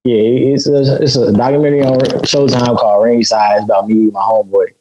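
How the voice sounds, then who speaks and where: A man's voice: medium pitch, steady tone, brisk, warm tone, a little hiss or hum, low-quality recording. A man from Chicago, a boxer guest on a podcast, telling stories in a laid-back way with lots of fillers. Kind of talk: casual podcast chat.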